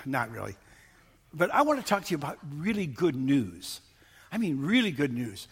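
A man's voice: a little high, breathy edge. A man preaching a sermon in a folksy, storytelling way, often repeating words and building up to emphatic outbursts. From Missouri. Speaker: pastor.

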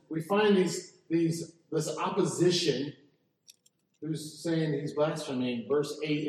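A man preaching a sermon as pastor, animated and asking the congregation to answer back. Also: a little high, a little hiss or hum. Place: church sanctuary. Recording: echoey hall, mic from a distance.

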